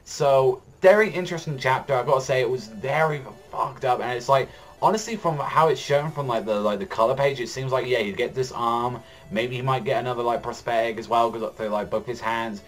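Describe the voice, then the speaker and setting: A man's voice: medium pitch, brisk. A young man giving a casual recap of a manga chapter, rambling, filling his talk with "like" and frequent swearing. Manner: rambling, heavy use of "like", swears often. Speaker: anime and manga reaction vlogger.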